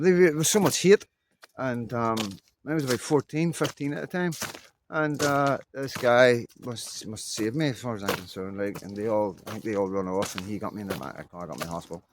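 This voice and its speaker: A man's voice: medium pitch, background noise. A middle-aged man, rambling casually in an unscripted vlog and leaning on fillers. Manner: rambling, loose talk full of "you know what I mean" fillers. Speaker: vlogger.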